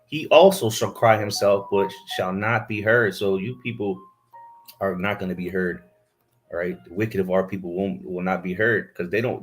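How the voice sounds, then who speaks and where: Into a camera he set up himself, a man with a fairly low voice preaches a fiery sermon. He scolds his listeners and reads scripture aloud.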